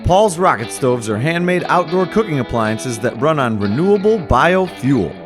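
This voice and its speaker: A man's voice: fairly high pitch, sing-song, normal speed, music in the background. A man reading a mock radio ad as an emphatic male announcer. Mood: promotional. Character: male ad announcer, smooth and upbeat.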